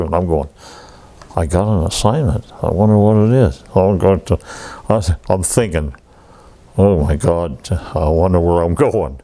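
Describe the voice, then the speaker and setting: He talks somewhat slowly with a low voice, stopping often along the way. In his eighties, this veteran shares war stories in an oral history interview, breaking into laughter and voicing the dialogue of others.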